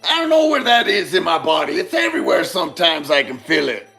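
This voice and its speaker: A man's voice: fairly high pitch, sing-song, brisk, creaky, pushed and bright, faint music behind. A man giving a casual motivational talk, rambling and repeating himself, swearing now and then and calling listeners brother. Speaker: speaker giving a monologue on love.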